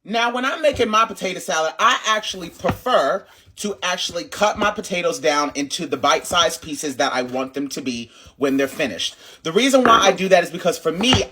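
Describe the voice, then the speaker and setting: A man's voice: on the high side, noisy background. A man hosting a casual cooking tutorial, emphatic and playful, repeating his points with teasing scolds. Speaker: home cook, channel host.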